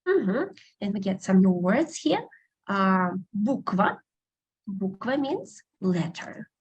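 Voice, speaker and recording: A woman teaching an online beginner language class, patiently repeating words slowly over a video call. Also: medium pitch, very animated, slightly rough, muffled recording.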